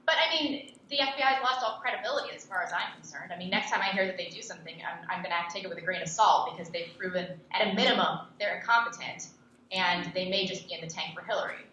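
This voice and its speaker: Blunt young woman giving interview answers, bright sharp voice, echoey room with a bit of hiss. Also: on the low side, quick pace, lo-fi sound. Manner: blunt, scornful. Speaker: podcast host and interview guest. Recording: echoey room with faint noise.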